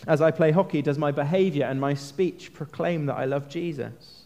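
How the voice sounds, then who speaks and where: A man's voice: fairly high pitch, moderate pace, vocal fry, warm tone. A man preaching a sermon in a church, earnest and conversational, often asking his listeners questions. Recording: long reverb of a large hall.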